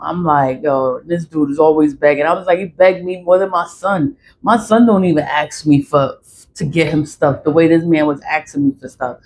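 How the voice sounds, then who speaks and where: A woman's voice: low voice, fairly even intonation, moderate pace, darkish tone, a little hiss or hum. Blunt, profane woman venting a story. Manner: emphatic, repeats herself for stress. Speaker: vlogger. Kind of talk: casual storytelling monologue.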